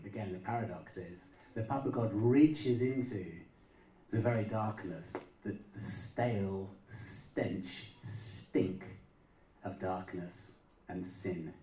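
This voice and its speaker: A man preaches with a mellow, slightly low voice, pressing his points through emphatic repetition in a loose, conversational way. He is heard from some distance in a roomy, echoing space. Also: a little hiss or hum. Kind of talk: sermon.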